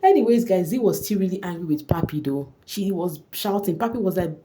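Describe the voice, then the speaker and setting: A woman talks in a loose, chatty gossip style, often breaking into exclamations. Her voice sits low and sounds mellow rather than bright. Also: animated, brisk, slight background noise. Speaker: vlogger recapping a reality show. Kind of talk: casual gossip commentary.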